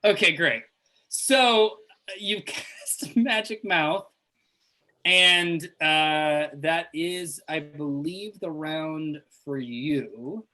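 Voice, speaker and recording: Woman game master, unhurried and thinking aloud, lower pitch. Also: pushed and bright. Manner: halting, thinking aloud, amused. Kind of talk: running a tabletop game.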